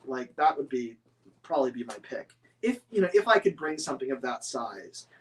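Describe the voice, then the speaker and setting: A man's voice: medium pitch, very animated, normal speed. A man rambling enthusiastically as a model-making hobbyist answering viewer questions, with many fillers and restarts. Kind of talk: casual chat.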